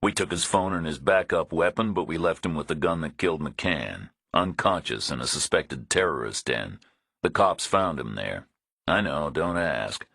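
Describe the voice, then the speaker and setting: A man doing a blunt, deep-voiced tough hero. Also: normal speed, gravelly, slightly rough, no room sound, clean studio sound, full character voice. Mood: threatening. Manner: flat, menacing, matter-of-fact. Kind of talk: audiobook character voice.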